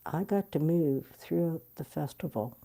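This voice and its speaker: A middle-aged woman telling a personal story in an interview, animated and blunt, swearing freely. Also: deep voice, moderate pace, creaky. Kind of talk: candid storytelling.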